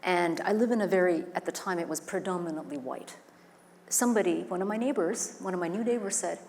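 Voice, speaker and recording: A woman's voice: lowish voice, a little fast, darkish tone. A woman facilitating a workshop, speaking earnestly and guiding the room with questions. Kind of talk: live workshop talk. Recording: echoey hall with faint noise.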